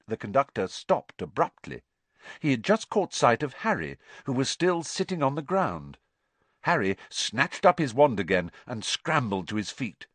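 Reading an audiobook aloud, this man tells the story expressively at a normal speed. His pitch sits in the middle, and the recording has no echo.

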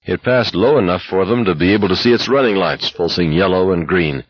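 A man narrating an audiobook in a steady, measured reading. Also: low voice, husky, no echo, muffled recording. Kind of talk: scripted narration.

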